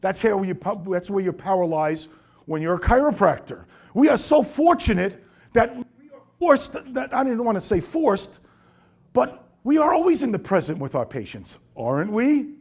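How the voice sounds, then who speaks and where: A middle-aged man gives a seminar talk to fellow chiropractors in a voice that sits a little high. He tells stories with energy and acts out the people he quotes. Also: moderate pace. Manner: lively storyteller who acts out quoted voices. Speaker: chiropractor speaking to colleagues.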